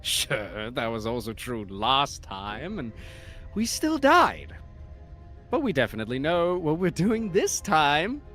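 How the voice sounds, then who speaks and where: Streamer voicing a shifty, animated inner voice. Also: medium pitch, faint music behind, heavily acted. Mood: wary. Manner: animated, sly, quick to backpedal. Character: wary inner voice of the player, suspicious and sly. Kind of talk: reading a game aloud.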